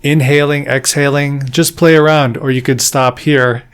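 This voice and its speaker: A man's voice: medium pitch, level tone, moderate pace, background noise. Man teaching jaw harp step by step. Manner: patient, step-by-step explaining; self-deprecating about his playing. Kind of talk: instructional tutorial.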